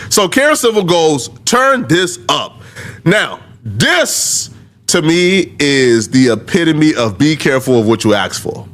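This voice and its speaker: A man giving commentary, laying out his point step by step in an animated way. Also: a little high. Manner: animated, explains step by step, breaks into laughter. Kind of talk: explanatory commentary.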